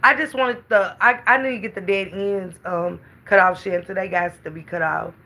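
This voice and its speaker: A woman's voice: medium pitch, fairly even intonation, moderate pace, sharp tone. A middle-aged woman, chatting casually on a livestream and greeting her viewers by name.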